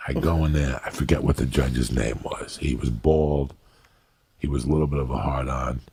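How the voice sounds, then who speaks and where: A middle-aged man hosting a podcast, telling a story in a profane, animated way. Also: extremely low pitch, moderate pace, vocal fry, breathy edge. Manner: profane, animated storyteller acting out other people's voices. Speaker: podcast host. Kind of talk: storytelling in casual chat.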